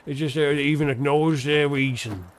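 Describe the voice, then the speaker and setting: A man voicing a snobbish old-time English colonial official, speaking in a slow, haughty, dismissive drawl. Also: a little high, steady tone, slight background noise, natural voice. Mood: sneering.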